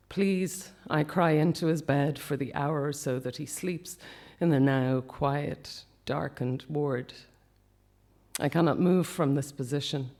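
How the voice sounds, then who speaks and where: A man reading a personal account aloud at a festival talk, quiet and measured, often dropping to a hush. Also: fairly high pitch. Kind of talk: reading a memoir piece aloud.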